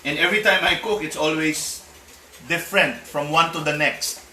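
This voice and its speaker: A man's voice: on the high side, fairly even intonation, moderate pace, bright, forceful tone, distant mic, slight background noise. A man with a Filipino accent, chatting casually as he cooks on a live stream, slipping Tagalog words into his English. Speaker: home cook. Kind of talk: live-streamed cooking chat. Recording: echoey room, voice off-mic, faint music.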